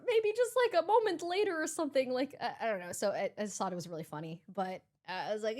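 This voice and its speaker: A young woman streamer casually recounting a story, acting out her own and others' lines in lively quoted voices. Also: fairly high pitch, a little fast. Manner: animated, quoting herself in lively voices.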